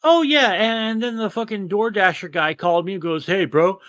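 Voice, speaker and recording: A man's voice: high-pitched, fairly quick, no room sound, studio quality. Profane Texan man ranting. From Texas. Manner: profane, animated ranting storyteller. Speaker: podcast co-host. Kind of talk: casual podcast chat.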